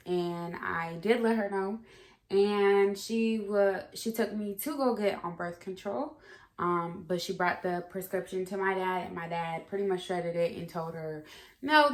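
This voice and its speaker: A young woman telling a story from her own life in a casual, candid way, swearing freely and rambling with fillers. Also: fairly low pitch. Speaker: vlogger. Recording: echoey room.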